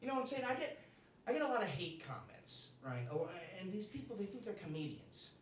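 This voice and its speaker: A man's voice: sits high, big pitch swings, brisk, slight background noise. A man performing a live stand-up set in a comedy club, brash and profane, tagging his lines with "right?" and "you know?". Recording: echoey club room from far off.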